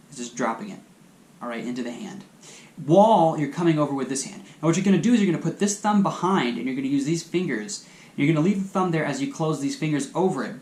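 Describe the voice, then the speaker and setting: A man's voice: a little high, darkish tone. A man hosting a magic channel, chatting casually and talking viewers step by step through hand moves. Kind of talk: casual video tutorial. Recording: echoey room.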